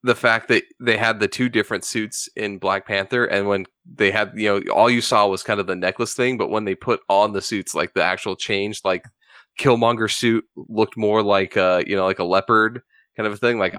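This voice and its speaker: Bright-voiced man chatting on a podcast. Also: on the low side, steady tone, a little fast, dry recording, clean studio sound. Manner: hedging, easygoing, rambles with restarts. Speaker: podcast co-host. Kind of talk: casual podcast chat.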